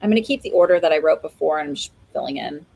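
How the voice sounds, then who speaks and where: A woman's voice: deep voice, animated, rapid-fire, creaky, warm tone, breathy edge, low-quality recording. Chatty woman hosting live card readings. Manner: chatty, laughing, rambling with many fillers. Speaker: psychic medium host. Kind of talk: live-stream oracle card reading chat.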